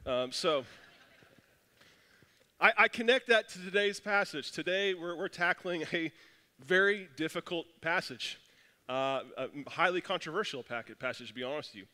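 A man's voice: on the high side, animated, normal speed, bright, forceful tone, long reverb tail. A man preaching a casual, conversational sermon as pastor, self-deprecating and telling stories with frequent restarts.

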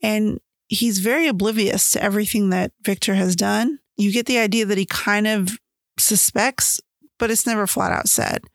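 A woman comparing a book and its film adaptation in casual, chatty commentary, laughing often and talking in an animated way. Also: medium pitch, moderate pace, no echo, clean studio sound. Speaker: book reviewer.

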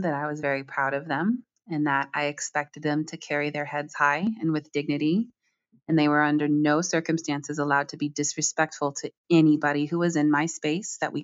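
A woman teacher answering interview questions earnestly, with frequent pauses. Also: low-pitched, no room sound. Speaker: striking schoolteacher. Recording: slightly dull lo-fi sound.

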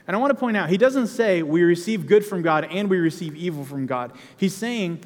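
A man's voice: high voice, lively intonation, fairly quick, hardly any pauses, in a large hall. A man preaching a sermon in a conversational way, with sudden emphatic outbursts.

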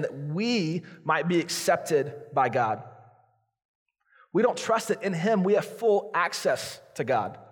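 Pastor, male, preaching earnestly from the pulpit; voice carries a long reverb from a large hall. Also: fairly high pitch. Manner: earnest, confessional preaching that acts out inner prayers. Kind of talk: sermon.

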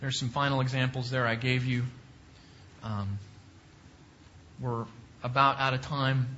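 A man's voice: medium pitch, steady tone, a little slow, pushed and bright, highs cut off, a little hiss or hum. A man teaching a Bible class, preaching emphatically and repeating points with rising questions.

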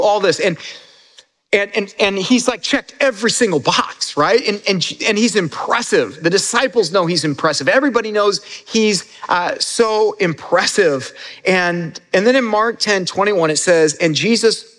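A man's voice: sits high, normal speed, a bit bright, big-room sound. A man preaching as pastor in a casual, conversational sermon, often repeating words as he builds a point.

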